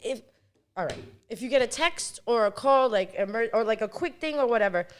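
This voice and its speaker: A woman's voice: on the high side, brisk. Blunt, swearing young woman chatting. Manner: blunt, swearing, animated storytelling. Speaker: podcast co-host. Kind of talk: casual chat.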